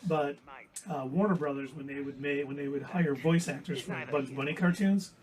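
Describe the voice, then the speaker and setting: Relaxed man commenting on a game. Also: fairly high pitch, normal speed, a crowd in the background. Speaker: co-host of a let's play stream. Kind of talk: casual chat over gameplay.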